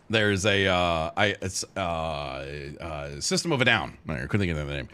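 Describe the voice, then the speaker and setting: A man's voice: deep voice, expressive, a little slow, hardly any pauses, bright, forceful tone. A young man streaming and chatting casually while gaming, rambling and profane, laughing at his own stories.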